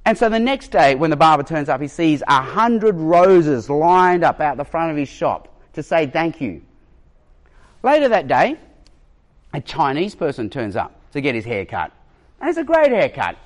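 A man preaching a sermon as a pastor, emphatic and given to storytelling, with jokes and pauses for effect. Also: fairly high pitch, big pitch swings. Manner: storytelling, emphatic, varies his pace.

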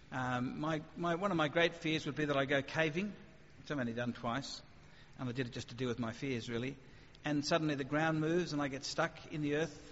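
Animated male speaker in a reverberant hall. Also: a little high. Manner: animated, conversational, sudden acted asides. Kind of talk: evangelistic talk with questions. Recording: muffled hall recording with faint noise.

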